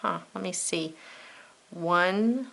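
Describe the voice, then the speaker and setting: A woman's voice: lowish voice, extremely slow, creaky, fairly bright tone. A woman teaching a spelling lesson to children, spelling words out letter by letter and thinking aloud in an encouraging way. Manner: thinks aloud, talks to herself.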